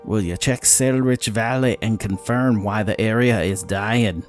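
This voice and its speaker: A hotheaded fae warrior woman, as a man puts her on for a storybook reading. She snaps back loudly and defensively, raised above the narrator's low voice, with soft music underneath. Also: measured pace, close to an everyday voice. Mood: indignant. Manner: snapping, defensive, loud.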